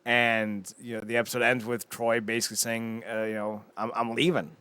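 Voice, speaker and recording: A man co-hosting a podcast, casually retelling a TV episode in a rambling, animated way with many restarts. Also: fairly low pitch, fairly quick, clear, resonant tone, no room sound. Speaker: podcast co-host. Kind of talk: casual chat recapping a TV episode.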